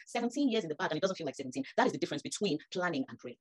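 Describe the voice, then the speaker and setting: A woman's voice: fairly low pitch, very fast. A woman, preaching a sermon that rises to emphatic peaks. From Nigeria. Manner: animated, rising to emphatic peaks.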